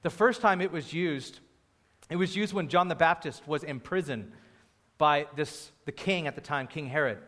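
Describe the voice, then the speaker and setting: A young man preaching a sermon in an animated way, acting out the crowd's voices and raising his voice for emphasis. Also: on the high side, normal speed. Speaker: pastor.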